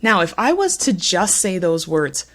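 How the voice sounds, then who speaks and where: A woman teaching an English pronunciation lesson, speaking clearly and deliberately, with strong emphasis on the words she models. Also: lowish voice, sing-song, a bit bright.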